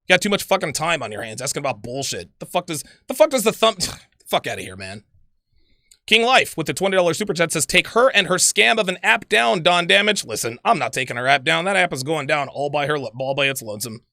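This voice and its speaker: A man's voice: fairly high pitch, sing-song, brisk, vocal fry, bright, forceful tone, dry recording, studio quality. A man hosting a livestream, ranting angrily and profanely and repeating himself. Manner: angry, profane, repetitive. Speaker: livestream host. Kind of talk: heated livestream rant.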